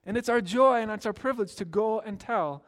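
A man's voice: sits high, brisk. A man preaching a sermon as pastor, earnest and storytelling, building to emphatic exclamations.

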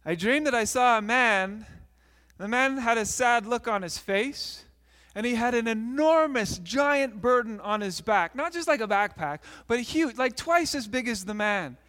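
A man preaching, then telling a story to kids in an animated way, acting out the characters. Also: very high voice, a little slow, in a large hall. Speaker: pastor. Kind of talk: sermon and children's story retelling.

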